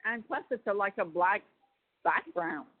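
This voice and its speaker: Lady on a prison phone call, slow rambly storytelling, kinda low voice, tinny dry line. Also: lively intonation, no echo. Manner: rambling retelling full of fillers and restarts. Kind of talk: casual phone chat.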